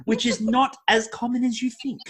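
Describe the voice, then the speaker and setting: A man's voice: very high-pitched, flat delivery, moderate pace, a bit bright. An Australian man hosting a podcast, chatting in a playful, teasing way. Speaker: podcast host. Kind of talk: casual podcast chat.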